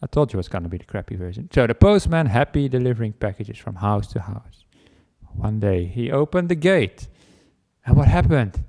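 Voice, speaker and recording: A man's voice: lowish voice, very animated, a little fast, vocal fry, a little mellow. A man, a Buddhist monk, giving a humorous dharma talk, telling a made-up story in a playful, self-mocking way. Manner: playful, self-mocking, acts out barking and chases.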